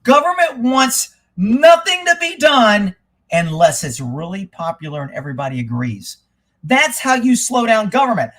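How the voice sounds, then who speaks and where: A man hosting a live talk stream, ranting about politics in a fired-up, swearing way and shouting when worked up. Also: high-pitched, very animated, normal speed. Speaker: livestream host.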